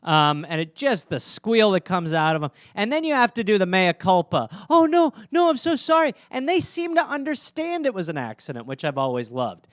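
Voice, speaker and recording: High, smooth-voiced man rambling casually. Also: big pitch swings, fairly bright tone, no room sound, studio quality. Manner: rambling, joking, does quick squeaky voices for pets. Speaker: podcast host. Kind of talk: casual solo podcast chat.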